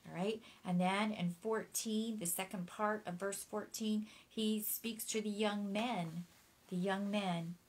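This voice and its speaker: A woman delivers a sermon at an unhurried, deliberate pace, her voice sitting at an ordinary middle pitch. She teaches emphatically, repeating key phrases for weight. She pauses to spell out terms so listeners can take notes. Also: steady tone, poor audio. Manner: teaching, spells out words for note-takers. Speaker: preacher.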